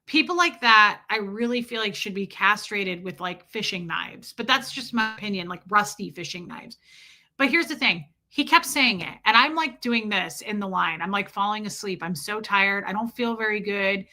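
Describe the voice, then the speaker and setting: A woman hosting a casual livestream, reading out viewer comments and telling stories in a profane, animated way. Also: mid-range voice, normal speed. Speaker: livestream host.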